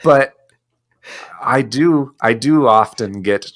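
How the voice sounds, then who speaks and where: A man co-hosting a podcast in casual chat, ranting in an animated way and laughing often. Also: medium pitch, slow pace. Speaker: podcast co-host.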